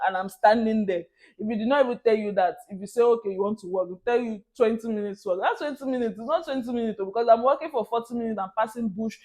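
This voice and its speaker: Young Nigerian woman vlogger, Nigerian accent, chatty and expressive, laughs a lot, drops into Pidgin phrases. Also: on the high side. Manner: animated, laughs often, mixes in Nigerian Pidgin. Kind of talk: casual storytelling monologue.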